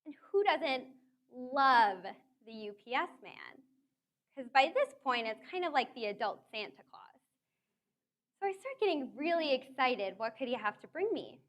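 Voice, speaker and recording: A young woman giving a talk to an audience, telling a personal story in an animated way. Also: high-pitched, moderate pace. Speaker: speaker.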